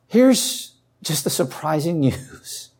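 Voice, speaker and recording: A woman preaching a sermon who reads scripture aloud and asks the listeners questions. She climbs to emphatic peaks, then drops low and quiet. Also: sing-song, takes it slowly, husky.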